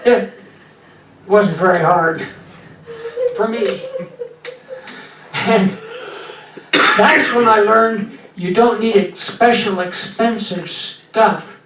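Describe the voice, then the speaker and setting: An older man doing stand-up in a small club, with a weak, breathy voice after voice surgery and slow deadpan one-liners. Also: high voice, background noise. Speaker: stand-up comedian. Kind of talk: stand-up set. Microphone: handheld mic through a loud PA. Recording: echoey club recorded from far off.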